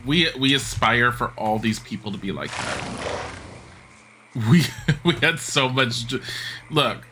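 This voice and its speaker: A man's voice: mid-range voice, very animated, takes it slowly, pauses often, noisy background. A man streaming a video game live, chatty and sarcastic, laughing at what happens on screen. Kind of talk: live gaming commentary.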